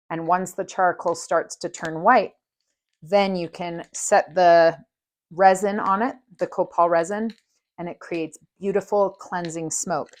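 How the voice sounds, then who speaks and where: A woman speaks at a slow, easy pace in a somewhat low voice, hosting her own podcast. She talks in a soft, earnest way, unhurried and sincere, as she walks through a ritual. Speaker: podcast host. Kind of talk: casual solo podcast demonstration.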